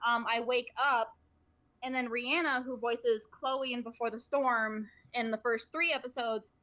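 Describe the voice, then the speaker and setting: Bright, earnest woman on a podcast. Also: fairly high pitch, steady tone, measured pace, dull audio. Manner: earnest, emotional, rambling with fillers. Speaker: podcast guest, streamer. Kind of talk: casual podcast chat.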